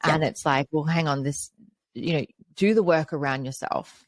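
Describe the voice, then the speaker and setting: A woman's voice: sits low, normal speed, no echo. Chatty woman podcast host. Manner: chatty storytelling with many "you know" fillers. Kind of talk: conversational interview.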